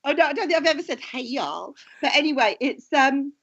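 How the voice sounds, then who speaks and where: A woman's voice: high voice, fast, a bit bright. A woman from England who reads tarot and acts, chatting casually as a co-host and rambling with restarts and asides. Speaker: tarot reader and actress, co-host. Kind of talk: casual chat. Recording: dull, muffled lo-fi sound.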